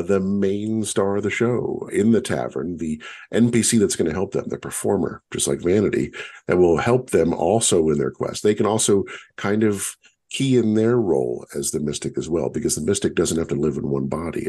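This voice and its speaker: A man co-hosting a podcast, explaining a story in a measured, storytelling way in casual conversation. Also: low-pitched, dark tone, breathy edge. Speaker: podcast co-host.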